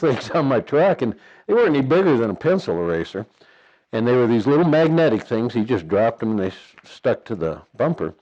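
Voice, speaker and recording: A man's voice: mid-range voice, darkish tone, lo-fi sound. A man who works on a buffalo ranch, telling his own story in a plain-spoken, folksy way and chuckling as he goes.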